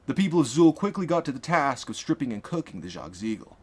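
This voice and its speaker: Expressive man narrating an audiobook. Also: medium pitch, fast talker. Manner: expressive, dramatic reading. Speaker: author and narrator.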